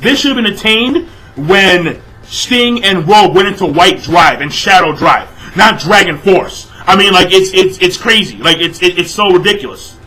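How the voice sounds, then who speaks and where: A young man ranting through a manga chapter review, swearing freely, repeating himself and breaking into shouted outbursts. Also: sits high, animated, normal speed, poor audio. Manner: exasperated, profane, repeats phrases, shouts in bursts.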